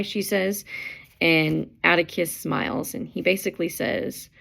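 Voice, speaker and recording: A woman teacher giving a casual summary of a book chapter in a low, strongly gravelly voice. She is chatty and peppers her speech with fillers, retelling scenes through quoted lines. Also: fairly even intonation, measured pace, a bit bright.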